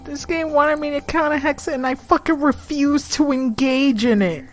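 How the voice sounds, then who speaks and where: A woman streaming a game live, chatting casually and profanely, teasing a friend, repeating herself for emphasis and breaking into loud laughter. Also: high-pitched, normal speed, few pauses, soft background music.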